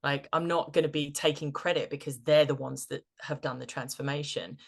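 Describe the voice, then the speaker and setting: A woman with a notably low voice chats as a podcast guest, easygoing and enthusiastic. She sounds middle-aged and talks in a loose, conversational way. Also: steady tone, fairly quick, creaky. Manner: chatty and enthusiastic, laughs easily. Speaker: guest, business coach. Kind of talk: casual podcast interview.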